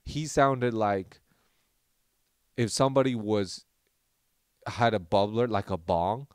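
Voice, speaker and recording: A young man, a podcast host, tells a rambling, animated story in casual chat and acts out what people said. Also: medium pitch, clear, resonant tone, no echo, studio quality.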